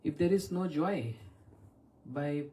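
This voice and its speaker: A man's voice: a little high, slow, warm tone. A man, a spiritual teacher giving an evening question-and-answer talk and often asking his listeners questions. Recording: voice from far off the mic.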